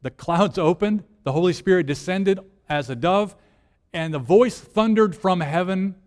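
A man's voice: high voice, a little slow. Man preaching in a reverberant hall. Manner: conversational, rhetorical questions, swings from soft to emphatic. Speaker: lead minister. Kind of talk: sermon.

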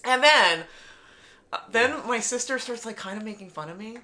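A young woman in a loose, rambling chat with a lively, swooping voice and a bright edge. She swears freely and acts out the lines of the people in her story. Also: fairly high pitch, a little fast. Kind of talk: casual chat.

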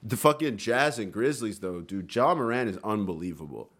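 A man's voice: lowish voice, animated, moderate pace, a bit bright. A man co-hosting a casual podcast chat, laid-back, swearing freely and laughing often. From Texas. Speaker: podcast co-host.

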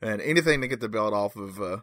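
Bright-voiced man in casual chat. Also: lowish voice, expressive, fast talker, dry recording, studio quality. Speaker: podcast co-host.

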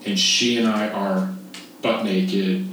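A man in his fifties from Texas, a podcast guest telling a camp story in animated casual chat, laughing and swearing freely. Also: lowish voice, slow. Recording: echoey room, distant mic, faint noise.

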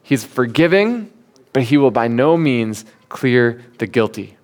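A man preaching a sermon in an animated, conversational way, asking rhetorical questions and acting out the quotes he tells. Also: mid-range voice, a little slow.

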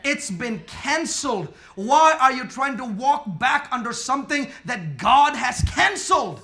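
Male preacher, very high voice, bright, emphatic sermon, call and response. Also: very animated, a little slow. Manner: emphatic, call-and-response, drops to quiet then shouts. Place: church with congregation.

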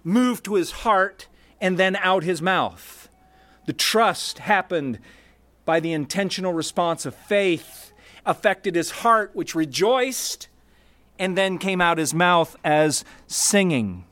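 A man preaching a sermon, emphatic, stressing key words and pausing deliberately between short phrases. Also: sits high, lively intonation, fairly bright tone. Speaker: pastor.

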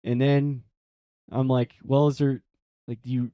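A man's voice: mid-range voice, measured pace, smooth, no room sound, dull audio. A young man, a priest, telling a personal story in a casual interview, acting out the voices he quotes. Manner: animated, acts out quoted voices, frequent "like" fillers.

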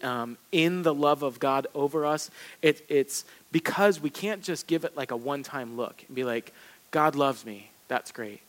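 A man's voice: mid-range voice, low-quality recording. Man pastor, casual sermon, self-deprecating, emphatic repeats, mid-range voice. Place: church sanctuary.

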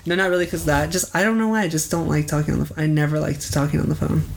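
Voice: mid-range voice, fairly even intonation, racing, vocal fry, a little hiss or hum. A co-host in a casual chat, blunt and easygoing, swearing freely.

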